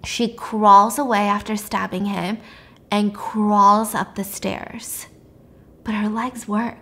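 A young woman YouTuber casually recapping a film's plot in a chatty, animated storytelling style. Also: medium pitch, takes it slowly.

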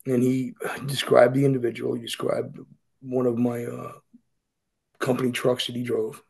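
A man's voice: medium pitch, monotone, normal speed, gravelly, darkish tone, husky, low-quality recording. A middle-aged man, speaking as a podcast guest and telling his story bluntly and profanely. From Boston. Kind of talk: candid storytelling interview.

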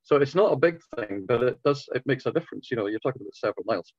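A man whose voice is going hoarse talks a society through a technical subject, stopping and restarting his phrases as he goes. The call audio is dull and muffled, with a dry sound and no room echo. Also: mid-range voice, expressive, a little mellow. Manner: halting, patient explaining with many restarts. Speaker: club speaker. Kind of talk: informal talk answering questions.

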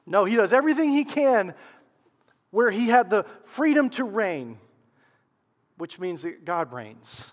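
A man preaches to his congregation, his voice sitting fairly high. He presses key words loudly, then drops into quiet, hushed passages. The sound carries the long reverb of a church hall. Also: measured pace, long pauses. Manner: expressive preaching, swings from loud emphasis to hushed lows. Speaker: pastor. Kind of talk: sermon.

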